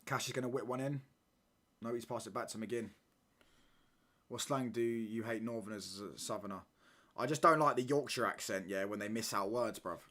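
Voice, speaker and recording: Young guy, live watchalong streamer, slangy chat, loud when ranting. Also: mid-range voice, normal speed. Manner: casual slangy banter, repeats phrases, gets loud when ranting.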